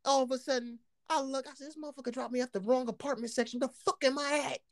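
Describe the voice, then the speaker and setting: A man telling a story in casual chat, animated and profane, laughing often and acting out what people said. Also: very high voice, fast talker, no room sound, clean studio sound.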